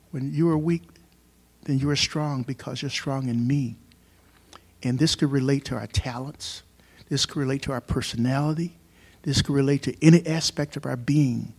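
A man's voice: mid-range voice, darkish tone. A man preaching a sermon to a congregation, in a conversational way, asking the listeners questions and rising sharply on key words. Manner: conversational preaching with rhetorical questions and emphatic rises. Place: church service.

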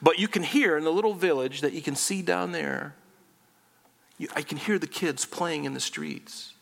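A male pastor delivers a teaching sermon with a bright, forceful tone and a slightly high pitch. He explains earnestly, often restarting his phrases. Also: normal speed, vocal fry.

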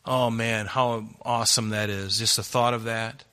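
A man preaching an earnest sermon, exhorting his listeners and swinging between loud emphasis and hushed, quiet lines. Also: medium pitch, fairly even intonation, normal speed. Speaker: pastor.

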